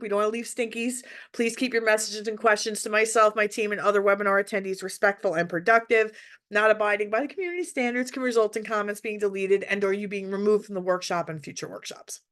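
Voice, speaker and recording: A woman's voice: medium pitch, fairly even intonation, quick pace, fairly bright tone. A middle-aged woman hosting an online workshop for parents, speaking in a direct, heartfelt way with frequent restarts. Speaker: workshop presenter. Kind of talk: emotional webinar talk to parents. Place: hotel room.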